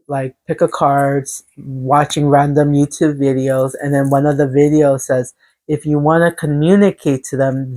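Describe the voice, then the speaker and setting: A woman giving a casual tarot reading, earnest and encouraging, rambling with halting restarts. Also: a bass voice, a little mellow. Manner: earnest, encouraging self-help tone. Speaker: tarot reader.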